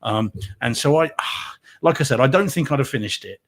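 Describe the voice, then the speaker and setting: A man's voice: medium pitch, animated, normal speed, fairly bright tone. A man co-hosting a podcast, chatting casually about films in a rambling, emphatic way that keeps restarting. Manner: rambling, self-correcting, emphatic. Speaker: podcast co-host. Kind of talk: casual film review chat.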